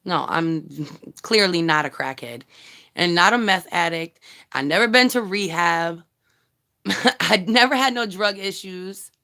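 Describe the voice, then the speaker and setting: On a casual live stream, a YouTube commentary vlogger rants bluntly and heatedly, swearing freely as she talks straight to her viewers. Her voice is lowish and bright, with a forceful tone and a measured pace.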